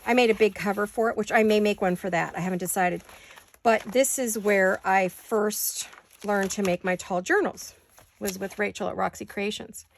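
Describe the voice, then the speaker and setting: Chatty woman with a gravelly voice. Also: medium pitch, steady tone, normal speed, slight background noise. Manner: chatty, rambling, self-correcting. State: has the hiccups. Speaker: crafting channel host. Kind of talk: casual crafting tutorial chat. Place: home craft studio.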